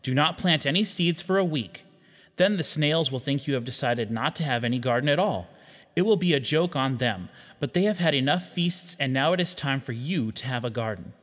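A man voicing a gentle, kindly fairy queen while reading a children's storybook aloud in a soft sing-song manner. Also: mid-range voice, lively intonation, normal speed, in a large hall.

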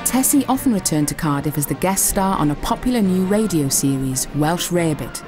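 A woman narrating a documentary in measured scripted storytelling. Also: fairly low pitch, expressive, over music.

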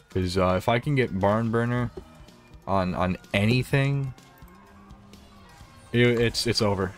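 Low-voiced man rambling over gameplay. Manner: rambling, profane, self-interrupting. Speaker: gaming commentator. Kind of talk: casual gameplay commentary.

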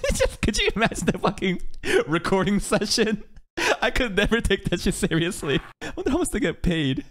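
A man's voice: sits high, sing-song, a little fast, a bit bright. A man reacting live to an anime as a streamer, laughing often, teasing the characters and swearing freely. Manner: teasing, mock-outraged asides. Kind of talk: casual live reaction commentary.

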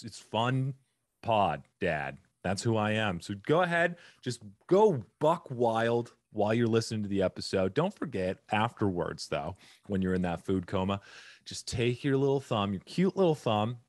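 A man's voice: lowish voice, dry recording, studio quality. A man hosting a comedy podcast who talks in a goofy, joking way full of rambling asides, recorded on a podcast mic. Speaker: podcast host.

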